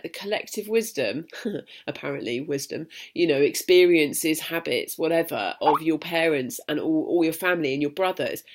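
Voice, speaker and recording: A young woman talking frankly to camera in a personal vlog, rambling, restarting her sentences and swearing freely. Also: low voice. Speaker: vlogger. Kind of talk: candid personal vlog monologue.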